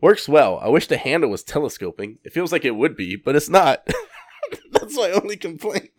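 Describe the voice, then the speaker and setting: A man in casual comedic chat whose pitch swings widely as he reads reviews aloud. He laughs often and swears freely. The sound is close and dry. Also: big pitch swings, normal speed, no room sound. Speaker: podcast co-host.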